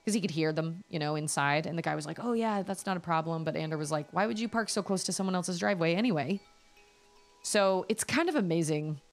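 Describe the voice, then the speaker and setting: Chatty woman streamer, lower voice. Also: quick pace. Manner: chatty, rambling, animated storytelling. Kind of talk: casual chat.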